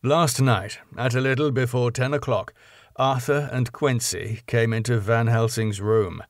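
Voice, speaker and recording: A man reading a classic novel aloud as an audiobook narrator, in a steady storytelling manner. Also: mid-range voice, unhurried, no room sound, studio quality.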